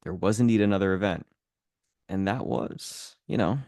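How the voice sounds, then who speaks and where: Low-ish voice guy teasing his cohost about football, dry close mic. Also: normal speed, darkish tone, no room sound. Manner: teasing, joking. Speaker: podcast co-host. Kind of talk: casual football chat.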